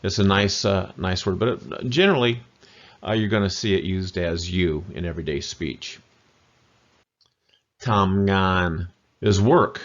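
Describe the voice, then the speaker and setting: A man teaching pronunciation in a video lesson, patiently repeating syllables slowly. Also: low-pitched. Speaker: language teacher. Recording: muffled lo-fi audio.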